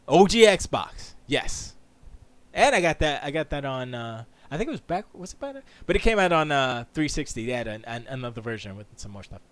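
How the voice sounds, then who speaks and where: A man hosting a podcast, ranting in a casual, animated, slangy way. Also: mid-range voice, dry recording. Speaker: podcast host. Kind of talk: casual livestream rant.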